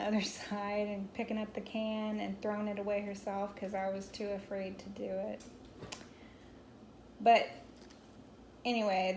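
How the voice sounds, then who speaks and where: A woman in her forties chatting casually to her viewers from home, rambling through a childhood story with plenty of asides. Her voice sits at a middling pitch, with a little faint room noise behind her. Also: a little mellow. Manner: rambling, chatty, talks straight to viewers, scolds a pet mid-story. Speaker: crochet vlogger.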